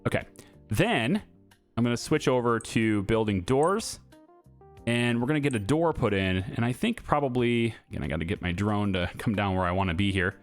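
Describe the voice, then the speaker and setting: A man's voice: on the low side, animated, moderate pace, faint music behind. A man giving casual gameplay commentary, thinking aloud with fillers and restarts as he builds. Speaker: gaming YouTuber.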